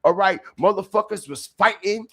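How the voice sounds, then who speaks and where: A man's voice: high voice, normal speed, a bit bright. A man hosting a livestream, giving profane, preachy street commentary and calling out to his viewers. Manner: profane, repetitive, preachy call-outs to viewers. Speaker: live stream host.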